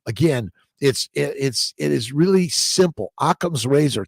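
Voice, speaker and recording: Greeting viewers and reading their comments aloud, this livestream host stays upbeat and rambling, restarting words and leaning on catchphrases. His medium-pitched voice is gravelly and slightly rough, with lively intonation and a measured pace. The recording is dry and studio quality.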